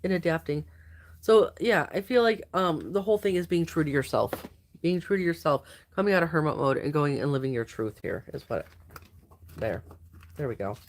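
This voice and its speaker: A drowsy woman talks through a weekly tarot spread in a loose, wandering way. She drifts between thoughts and leans on fillers. Her delivery is informal and unhurried. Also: deep voice, a little hiss or hum. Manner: rambling, loose, many fillers and trailing thoughts. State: sleepy, yawning. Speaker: tarot card reader. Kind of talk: casual weekly tarot reading.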